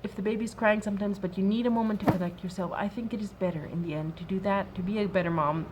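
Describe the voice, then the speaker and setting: Casting note: woman in her thirties, mid pitch, sincere and soft-spoken, faint hiss behind her. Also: fairly even intonation, fast. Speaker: mom sharing a workshop talk. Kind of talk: gentle faith-based advice talk.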